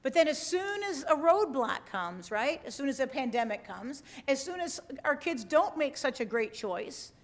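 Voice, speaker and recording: A woman's voice: high voice, big pitch swings, normal speed, hardly any pauses. A woman pastor giving a conversational sermon to an online congregation, often checking in with her listeners. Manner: conversational, asks the listeners with frequent tag questions. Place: church livestream.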